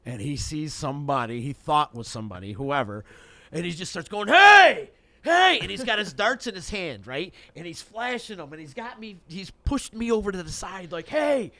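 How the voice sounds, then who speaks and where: Host, male, lively storyteller, bursts into loud quoted shouts, easy studio banter. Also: on the high side, normal speed, few pauses, no room sound. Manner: animated storyteller who shouts out quoted lines. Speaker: radio show host. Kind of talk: casual studio chat. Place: local radio studio.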